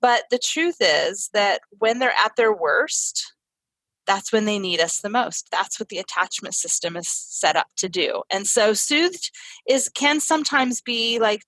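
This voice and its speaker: A woman's voice: medium pitch, moderate pace, fairly bright tone, no room sound, poor audio. A woman speaking as a parenting educator in an interview, earnest and explaining her ideas through family stories. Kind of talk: conversational teaching in an interview.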